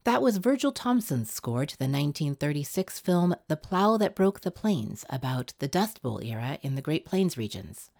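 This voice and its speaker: Warm, lively-voiced woman radio host. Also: deep voice, moderate pace, gravelly, hardly any pauses. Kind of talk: scripted radio announcing.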